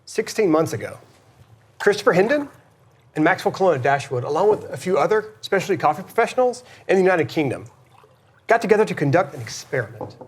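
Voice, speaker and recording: A man's voice: sits high, very animated, fast, husky. A man, a competing barista, rehearsing his routine and talking over his approach. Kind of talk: rehearsing and casual chat.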